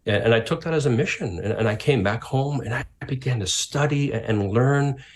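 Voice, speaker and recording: A man's voice: mid-range voice, fairly quick. A middle-aged man, a pastor and author, telling stories as a guest in an interview and acting out the voices of people he quotes. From Canada. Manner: lively anecdotes, acts out quoted voices. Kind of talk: interview storytelling.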